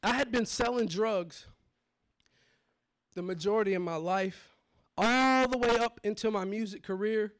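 A man preaching his testimony, telling it dramatically and swinging from hushed low moments to shouts. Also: unhurried, pauses often, clean tone. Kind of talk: testimony sermon.

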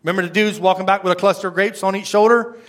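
A man preaching a sermon, with lively, conversational rhetorical questions and slow, measured scripture readings. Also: high-pitched. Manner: slows to a measured pace when reading scripture. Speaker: pastor.

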